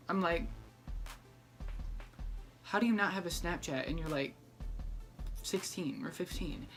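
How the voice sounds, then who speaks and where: Sassy, bright-voiced young man telling a story. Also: high voice, unhurried, pauses often, soft background music. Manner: sassy, dramatic, acts out the people in the story. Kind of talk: casual storytime vlog.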